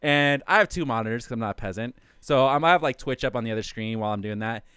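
A man co-hosting a casual chat, telling a story in an animated way, swearing and laughing through it. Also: mid-range voice, fast, clean tone, dry recording, studio quality.

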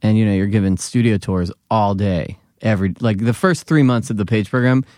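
A man's voice: on the low side, darkish tone, no room sound. A man from the Philadelphia area with a Philadelphia accent, a comedian and TV writer chatting as a podcast guest in a studio and telling stories in a self-deprecating way. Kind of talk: casual chat. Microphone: studio microphone.

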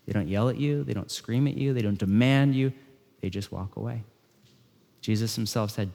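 A man preaching a sermon in a conversational style, swinging between loud emphasis and hushed lines. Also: lowish voice, normal speed, vocal fry. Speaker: pastor. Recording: long hall reverb.

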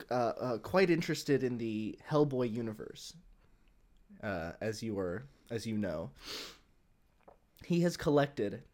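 A man's voice: mid-range voice, a little mellow. A man co-hosting a podcast in casual chat, rambling with many fillers and restarts. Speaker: podcast co-host.

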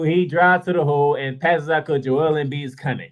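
A man's voice: on the high side, fairly quick, hardly any pauses, rough recording. A man hosting a sports show, delivering a heated, sarcastic basketball rant full of rhetorical questions in informal, slangy speech.

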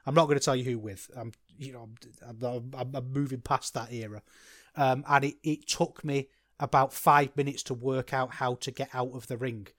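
A man's voice: mid-range voice, fairly even intonation, moderate pace, no echo, studio quality. A man hosting a solo podcast, rambling and self-deprecating, with frequent restarts. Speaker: podcast host.

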